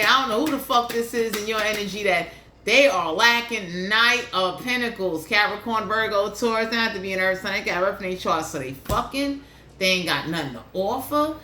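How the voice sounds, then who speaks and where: A woman's voice: on the high side, pushed and bright. A woman giving a blunt, profane tarot reading in a casual, ranting monologue. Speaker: tarot reader. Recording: echoey room, faint hiss.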